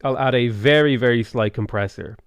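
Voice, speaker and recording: Guy streaming a strategy game, chill, thinking out loud, smooth voice, dry close sound. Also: mid-range voice, a little fast, no room sound. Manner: thinking aloud, relaxed, with frequent ums. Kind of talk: live gameplay commentary.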